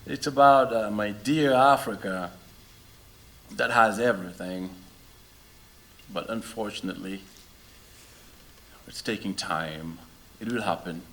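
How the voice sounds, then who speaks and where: Taking his time and pausing frequently, a middle-aged Senegalese musician chats with his live audience between songs in English, not his first language. His fairly low voice stays animated, and he asks plenty of rhetorical questions.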